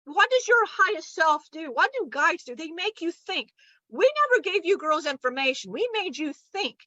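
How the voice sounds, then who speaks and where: A high, bright-toned woman delivers a channeled spiritual lesson in a blunt, animated way, cursing casually. The recording is dry and a little dull, like lo-fi audio. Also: normal speed, dry recording. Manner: animated, blunt and profane, acting out quoted voices.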